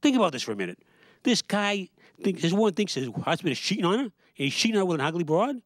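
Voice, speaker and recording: A man's voice: high-pitched, sing-song, quick pace, no echo. A man doing a rambling, sarcastic stand-up comedy routine, acting out the people he quotes. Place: small studio.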